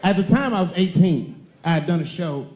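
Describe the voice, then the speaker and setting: Animated man in his forties doing stand-up. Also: sits high, a little fast, reverberant. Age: 40s. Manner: animated, swings into shouted punchlines and acted-out voices. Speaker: stand-up comedian. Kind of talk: stand-up comedy. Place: comedy stage before a live audience.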